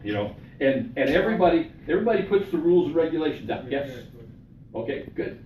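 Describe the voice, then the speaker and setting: A man's voice: fairly high pitch, lively intonation, brisk, a little mellow, dull audio, slight background noise. A man leading a Bible study as pastor, talking conversationally, repeating himself and checking in with his listeners. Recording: echoey room from far off.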